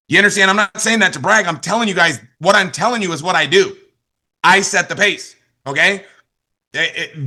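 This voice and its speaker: A man's voice: high voice, bright, forceful tone. A man in his forties giving a motivational business training talk, emphatic and repetitive, often checking in with his listeners. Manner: emphatic, repeats key lines, asks "you understand?". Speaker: network marketing trainer.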